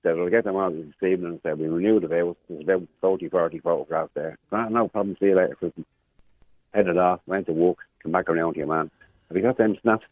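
Calling a radio show, an Irish man in his sixties speaks fast in a deep voice as he rambles through a long tale, doing voices for each person involved. The phone line sounds muffled, with no echo.

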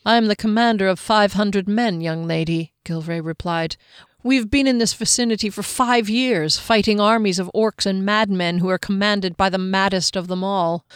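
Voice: medium pitch, normal speed, clean tone, dry recording, clean studio sound, close to an everyday voice. A narrator voicing a proud, guarded army major who speaks formally and courteously. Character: stern proud human army major, middle-aged.

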